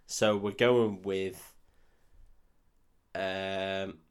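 A man's voice: deep voice, drawn-out words, smooth. A man co-hosting a podcast, joking around in casual chat. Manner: lively, jokey, mocks accents for laughs. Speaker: podcast co-host.

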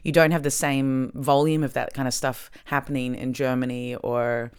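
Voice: medium pitch, flat delivery, normal speed, smooth. A podcast host with an Australian accent, chatting in a rambling, hedging way. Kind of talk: casual podcast chat.

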